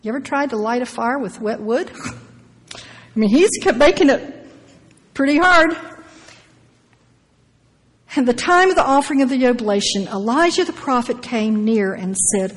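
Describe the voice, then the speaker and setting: A woman preaching, her voice sitting a little high for a woman. She moves between reading scripture aloud and breaking in with emphatic asides. A long reverb trails her words through the hall. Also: lively intonation, measured pace, pauses often.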